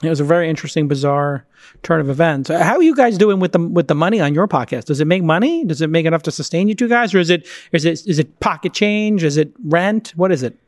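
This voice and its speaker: A man hosting a podcast in casual chat, telling animated, rambling stories. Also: a little high, fast, dry recording, studio quality. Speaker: podcast host.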